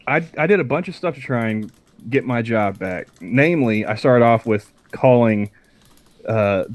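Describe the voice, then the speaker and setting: A man telling a story in casual podcast chat, his voice at an everyday middle pitch. He halts often and fills the gaps with "uh" and "you know" as he goes. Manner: storytelling, halting with fillers. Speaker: podcast co-host.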